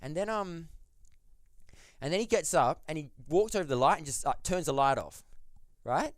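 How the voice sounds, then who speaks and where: A man's voice: on the high side, lively intonation, normal speed, no echo, clean studio sound. A man telling a story as a podcast guest, rambling, with lots of "like" and restarts. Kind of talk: casual storytelling.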